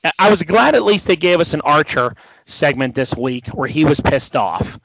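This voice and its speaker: A man's voice: on the high side, lively intonation, moderate pace, creaky, a bit bright, dry recording. A man co-hosting a casual wrestling podcast, rambling and hesitant with many restarts, a bit tired. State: yawning, tired. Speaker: podcast co-host. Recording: dull dry podcast audio.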